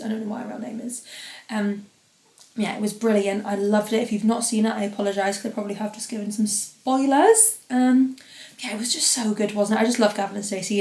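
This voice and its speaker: A woman's voice: medium pitch, a little mellow. A young woman hosting a podcast on her own, chatting casually and rambling with lots of fillers. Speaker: podcast host. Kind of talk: casual solo podcast chat. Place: home podcast studio. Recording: roomy echo.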